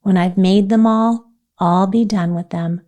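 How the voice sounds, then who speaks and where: A woman's voice: medium pitch, steady tone, unhurried, dark tone, natural voice. A woman doing a dramatic young orphan girl. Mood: hopeful. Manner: dramatic, pleading, emotional. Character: imaginative talkative orphan girl.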